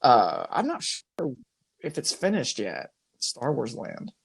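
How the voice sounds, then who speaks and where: A man's voice: mid-range voice, takes it slowly, vocal fry, breathy edge. A young man co-hosting a podcast in casual comedic chat, laughing often. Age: young adult. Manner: animated, laughs often, acts out silly voices. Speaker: podcast co-host.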